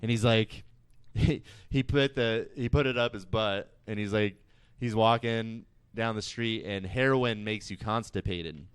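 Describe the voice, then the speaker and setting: A man with a low, smooth voice hosts a casual podcast. He rambles through anecdotes and laughs at his own stories. The sound is close and dry. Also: unhurried, dry recording. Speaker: podcast host.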